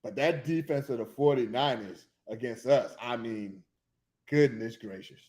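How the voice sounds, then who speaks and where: A man hosting a sports show, chatting casually in an excitable, rambling way that often loses its thread. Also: mid-range voice, measured pace. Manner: excitable, rambling, loses his train of thought. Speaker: sports podcast host.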